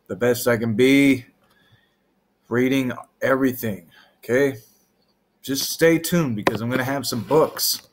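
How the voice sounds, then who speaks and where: A man talking to camera in a loose, meandering way, trailing off and restarting his thoughts. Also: medium pitch. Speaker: vlogger. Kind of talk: rambling casual monologue.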